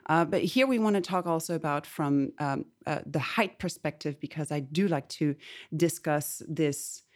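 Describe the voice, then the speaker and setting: A woman's voice: low voice, moderate pace, a little mellow. Chatty middle-aged woman hosting a podcast. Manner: chatty and effusive, meandering phrasing. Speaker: podcast host. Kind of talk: casual interview chat. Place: indoor room, recorded in London.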